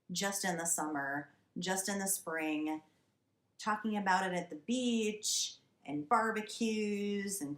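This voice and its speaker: A woman in her thirties hosts a casual wine vlog from a basement cellar. Her delivery is slow and deliberate, wry and emphatic, with a comic, exasperated edge. The room adds a noticeable echo around her voice. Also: medium pitch. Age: 30s. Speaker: wine show host. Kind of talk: casual comic monologue to camera. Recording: roomy echo.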